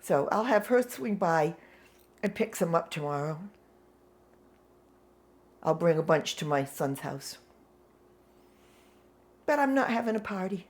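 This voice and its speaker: A woman's voice: fairly low pitch, measured pace, pauses often. A woman, telling a story casually at home and laughing often. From New England. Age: 60s. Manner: excitable, laughs often, exasperated humor. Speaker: vlogger.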